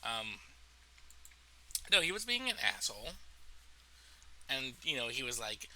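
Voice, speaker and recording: A man telling a story from his life in a casual storytime monologue, animated and profane, laughing at his own tale. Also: medium pitch, normal speed, slight background noise, poor audio. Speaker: storytelling vlogger.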